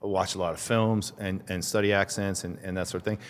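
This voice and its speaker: A man with a very deep voice talks in a loose, rambling way, often restarting his sentences. His voice carries a long reverb tail, as if recorded in a large room. The talk is casual and easygoing. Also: flat delivery, fast talker, clean tone. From Canada. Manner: rambling, restarts sentences, mimics accents when quoting people. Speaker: podcast guest, artist. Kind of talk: casual chat.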